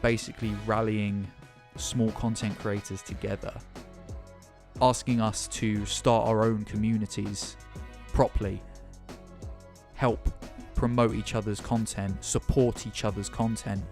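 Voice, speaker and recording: A man's voice: lowish voice, little pitch movement, a little slow, darkish tone, soft background music. A man delivering an angry, impassioned vlog rant as a gaming YouTuber, sarcastic and swearing often. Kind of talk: ranting vlog commentary.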